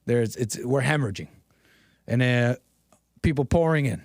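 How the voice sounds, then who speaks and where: A man's voice: mid-range voice, moderate pace, long pauses, a little mellow, no echo, studio quality. A man hosting a political commentary livestream, talking sarcastically to his chat and chuckling often. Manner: talks straight to chat. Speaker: livestream host.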